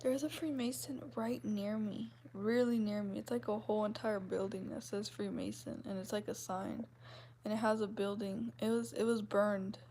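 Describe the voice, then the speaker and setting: A woman in her twenties chatting casually with her viewers, with a soft, gentle voice and a giggly, rambling way of talking that is full of "like". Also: mid-range voice, fairly even intonation, normal speed, slight background noise. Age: 20s. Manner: chatty, giggly, fills speech with "like". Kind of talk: casual livestream chat.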